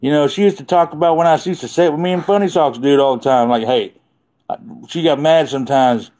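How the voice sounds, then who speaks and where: A man's voice: a little high, quick pace, darkish tone. A man hosting a casual livestream from his phone, rambling and chatty and laughing often. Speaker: livestream host.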